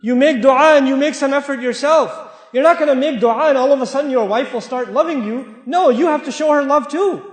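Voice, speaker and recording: A man with a very high voice speaks briskly, giving a sermon to a live audience. He's direct and joking and repeats points for emphasis, and the echoey hall leaves a long reverb.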